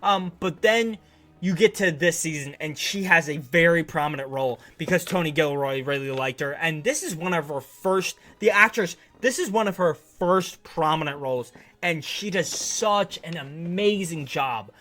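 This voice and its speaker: A man's voice: on the high side, normal speed, sharp tone. A man casually reviewing a TV series on his channel, enthusiastic and rambling, with lots of restarts and slang.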